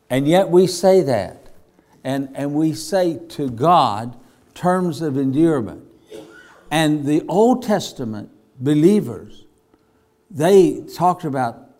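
A man preaching a sermon, slow and deliberate, rising to emphatic points. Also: fairly high pitch, darkish tone. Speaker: pastor.

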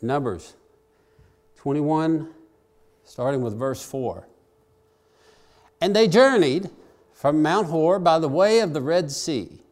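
A man's voice: on the high side, very animated, slow, pauses often, a little mellow. A man preaching a sermon, reading scripture aloud and explaining it in plain everyday words. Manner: varies pace, drawing out key phrases and speeding up asides.

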